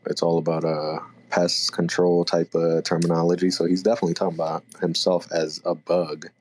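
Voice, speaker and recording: A man co-hosting a podcast, chatting casually about a manga chapter and thinking out loud as he goes. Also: low voice, level tone, a little fast. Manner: laid-back, thinks aloud, self-correcting. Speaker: podcast co-host.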